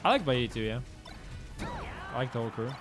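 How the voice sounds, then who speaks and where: A young man rambles casually to his stream viewers, talking in loose slang and cursing freely. His voice sits at a medium pitch. Faint music plays quietly behind him. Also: lively intonation, quick pace. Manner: laid-back and slangy, swears freely, loose rambling delivery.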